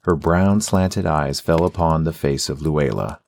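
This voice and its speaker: A man narrating a fantasy audiobook with a steady, even storytelling delivery. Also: extremely low pitch, measured pace, gravelly.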